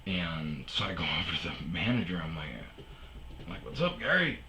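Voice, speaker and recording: Deep-voiced man rambling through a story. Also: fairly even intonation, normal speed, pushed and bright, reverberant, a little hiss or hum, rough recording. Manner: rambling, full of fillers and asides, acts out quoted voices. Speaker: podcast host. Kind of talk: casual storytelling monologue. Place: sparse room at home.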